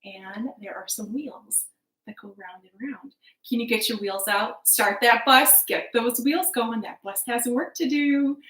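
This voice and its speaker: A woman telling stories to children, speaking gently and encouraging young listeners at home. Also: a little high, a little slow. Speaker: children's librarian storyteller. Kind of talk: children's storytime reading. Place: living room at home. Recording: echoey home room.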